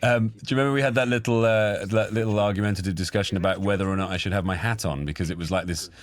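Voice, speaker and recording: A man's voice: fairly low pitch, fairly even intonation, rapid-fire, no room sound. A man giving a film commentary, teasing and joking with his co-host. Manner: teasing, jokey banter. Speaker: actor. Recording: music from the film faint behind.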